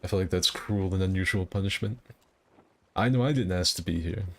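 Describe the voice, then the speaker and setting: A man's voice: deep voice, brisk, a little hiss or hum. A man chatting casually while he streams a game, rambling and self-deprecating. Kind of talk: casual gameplay commentary.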